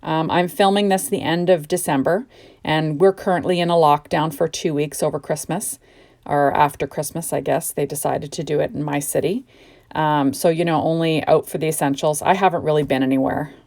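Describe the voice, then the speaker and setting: Middle-aged woman from Canada, lower voice, drowsy and gushing, casual crafting chat. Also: steady tone, normal speed, a little mellow. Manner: chatty and gushing, rambling asides. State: sleepy, yawning. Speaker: card-making crafter. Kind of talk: casual crafting tutorial narration. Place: home craft desk.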